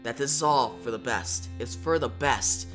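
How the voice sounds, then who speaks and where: A man voicing a desperate male thief in a Santa suit, reading his lines hushed and anxious. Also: medium pitch, moderate pace, faint music behind, close to an everyday voice.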